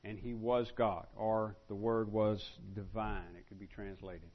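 A man preaching a teaching sermon in a conversational way, with many restarts and fillers, slowing down to stress key words. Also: lowish voice, little pitch movement, lo-fi sound.

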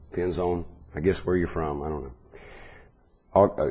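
Man, Bible teaching sermon, measured explanatory delivery, husky, muffled recording. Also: sits low, fairly even intonation. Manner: measured, explanatory, with restarts and asides. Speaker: preacher.

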